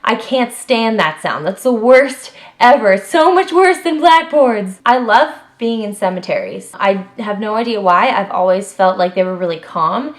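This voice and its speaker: Chatty and unscripted, a young woman vlogs to camera about personal facts at a normal speed, hardly pausing at all. Her voice rests at a middle pitch but shoots up when she's emphatic, and her talk is packed with "like," other fillers, and asides that trail off.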